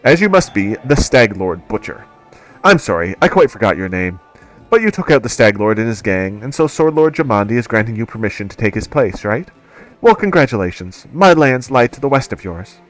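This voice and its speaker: A man's voice: fairly low pitch, big pitch swings, a little fast, soft background music. A man voicing an arrogant, condescending nobleman in a game. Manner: haughty, dismissive. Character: arrogant male baron, bored, condescending.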